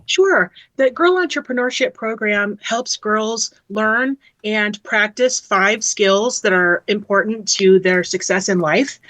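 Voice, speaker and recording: A woman program manager who is a guest on a radio show, explaining things in a clear, steady, informative way. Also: medium pitch, dry recording. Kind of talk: explaining in an interview. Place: radio studio.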